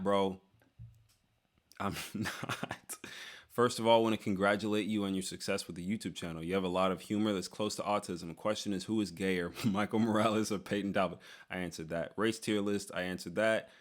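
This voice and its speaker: A young man with a slightly low voice chats loosely while reading out and answering viewer questions. He jokes a lot, leans on "dude" and "like", and often restarts his sentences mid-thought. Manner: loose and joking, lots of "dude" and "like", trails off and restarts. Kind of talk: casual Q&A chat.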